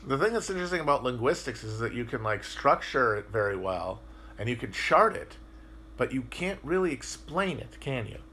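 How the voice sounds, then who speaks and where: A man with a bright, forceful voice holds forth on a casual livestream as he answers viewer comments. He rambles and swears freely, restarting sentences and thinking aloud as he goes. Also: medium pitch, very animated, moderate pace, slight background noise. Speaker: podcast host.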